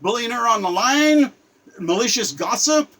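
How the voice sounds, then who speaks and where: A man's voice: very high voice, expressive, moderate pace, sharp tone, poor audio. An older man delivering an impassioned spoken rant, indignant and repetitive, often stammering and restarting his sentences. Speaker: self-styled poet giving a spoken commentary.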